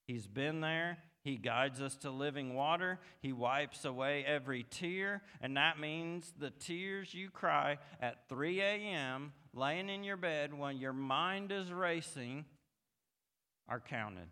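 A male pastor delivers a sermon in a tense, bright voice. He moves between soft, reflective stretches and passionate, emphatic climbs. The sound carries the long reverb of a church sanctuary. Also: on the high side, slow pace, clean tone. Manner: builds from quiet reflection to emphatic, rising passages.

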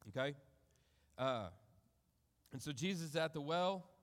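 A man's voice: fairly high pitch, expressive. Man preaching in a reverberant hall. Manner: reflective, measured, trails off softly at phrase ends. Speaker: pastor. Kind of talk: sermon with scripture reading.

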